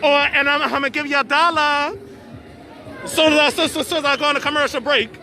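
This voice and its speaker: Hosting a live stream from an outdoor birthday party, this man talks fast in a very high-pitched, pushed and bright voice with fairly even intonation. He's chatty, stammering and repeating words. The phone recording picks up a little hiss or hum, plus party music, crowd noise and children.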